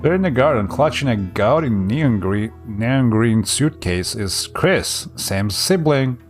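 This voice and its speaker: A man's voice: medium pitch, animated, takes it slowly, soft background music. A man streaming a game, reading its text aloud and making casual, laughing asides. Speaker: let's-play streamer.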